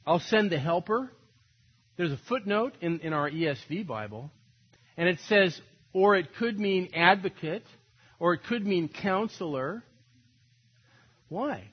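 A man's voice: high voice, expressive, measured pace, long pauses, slightly rough, dull audio. An older man preaching a sermon, telling stories animatedly and acting out quoted voices. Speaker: pastor.

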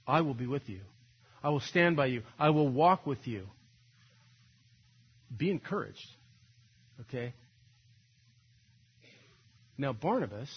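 A man's voice: fairly high pitch, breathy edge, muffled recording. An older man preaching a sermon, telling stories animatedly and acting out quoted voices. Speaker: pastor.

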